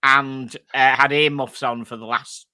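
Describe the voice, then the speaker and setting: Guy hosting a live stream, super bright voice, dry close mic. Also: medium pitch, fairly even intonation, unhurried, smooth, no room sound. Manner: chatty, jokey, rambling. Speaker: host. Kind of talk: casual live-stream chat.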